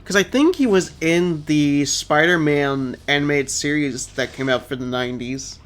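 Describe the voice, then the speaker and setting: Young guy streaming a game, rambly chatty, bit high voice, faint game music. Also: moderate pace, fairly bright tone. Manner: chatty, rambling, reads out chat. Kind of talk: casual let's-play commentary.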